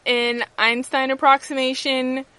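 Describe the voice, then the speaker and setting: Bright, dry-sounding young woman gushing. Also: high voice, level tone, measured pace, clean tone, dry recording. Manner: gushing, filler-heavy recounting of favorite moments. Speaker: podcast co-host. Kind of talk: casual chat.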